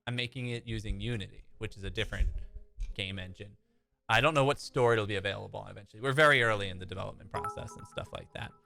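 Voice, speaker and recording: A man streaming a game, chatting casually and joking, with animated delivery. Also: fairly low pitch, fast, creaky, faint music behind. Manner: animated, jokey, slips into voices. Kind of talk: casual gaming stream talk.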